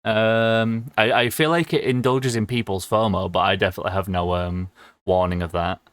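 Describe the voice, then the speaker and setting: A young man talks to his stream chat in a low, relaxed voice, rambling with plenty of ums and quick laughs. The sound is dry and close, with no room echo around him. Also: clean tone. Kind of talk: casual livestream chat with viewers.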